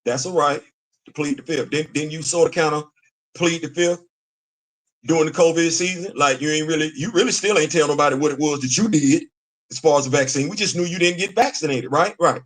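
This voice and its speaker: A middle-aged man with a slightly high voice hosts a live commentary stream, speaking a bit fast and casually. This show host repeats himself for emphasis and responds to his chat.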